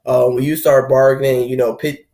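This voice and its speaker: A man's voice: medium pitch, level tone, normal speed, mellow. A young man hosting a spiritual talk on heartbreak, speaking loosely and conversationally and acting out the inner voices of people going through it. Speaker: spiritual video host. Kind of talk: casual spoken talk on heartbreak.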